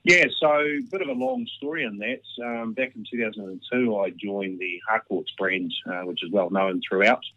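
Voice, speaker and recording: A man from New Zealand in his thirties with a New Zealand accent, a guest talking casually over the phone in a relaxed, rambling way. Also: on the low side, normal speed, few pauses. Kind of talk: casual chat. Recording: tinny phone line.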